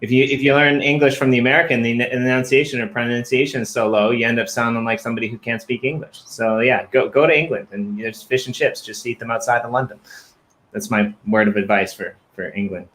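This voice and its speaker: A man's voice: medium pitch, steady tone, fast talker, fairly bright tone. A Canadian man co-hosting a casual online chat, rambling and self-mocking as he jokes, talking over a video call.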